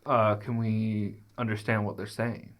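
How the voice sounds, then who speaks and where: Player, man, mid-pitched, casual, thinks aloud. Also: little pitch movement, unhurried. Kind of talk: casual tabletop play chat.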